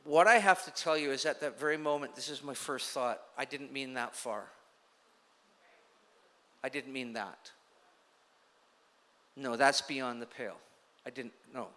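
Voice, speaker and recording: Bright-voiced man preaching in a hall. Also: mid-range voice, a little slow, pauses often. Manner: conversational storytelling preacher. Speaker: pastor. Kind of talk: sermon. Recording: long hall reverb.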